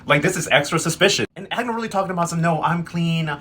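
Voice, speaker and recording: A man giving a sassy, slang-heavy casual recap, quickly acting out characters' lines. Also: fairly high pitch, a bit bright, a little hiss or hum. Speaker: recap host. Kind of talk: casual comedic recap narration.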